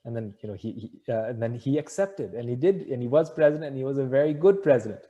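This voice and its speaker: A man's voice: mid-range voice, quick pace, warm tone. A man answering a question with an earnest, rambling story that corrects itself as he goes. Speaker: spiritual speaker answering a question.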